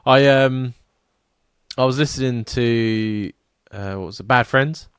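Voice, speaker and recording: A man's voice: medium pitch, slow pace, clean tone, dry recording, studio quality. A man co-hosting a podcast in casual, rambling, sweary chat. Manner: rambling, sweary, laughs a lot. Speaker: podcast co-host.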